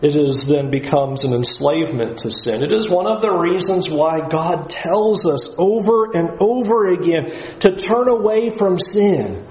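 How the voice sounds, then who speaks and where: A man with a fairly high voice teaches a Bible lesson, leaning hard on his points. He acts out the voices of the people he quotes. His voice rings in an echoey room. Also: measured pace.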